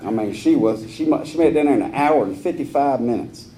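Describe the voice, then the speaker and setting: A man tells his own recovery story at a meeting, speaking in a candid, earthy way. His mellow voice sits at an ordinary pitch. A faint background noise runs under the speech. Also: expressive, fast. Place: meeting hall.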